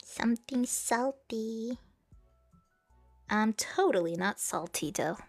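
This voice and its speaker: A young Malaysian woman, a VTuber streamer with a Malaysian English accent, chats casually on her livestream, switching between English and Malay. Her voice is a little high and expressive, and she speaks at a slow pace. Faint music plays in the background.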